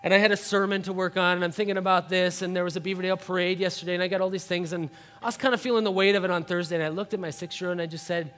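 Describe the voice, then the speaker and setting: A male pastor in his thirties, preaching a sermon in a church and telling a family story with animated delivery, acting out shouts and little voices. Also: sits high, racing, hardly any pauses. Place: church sanctuary.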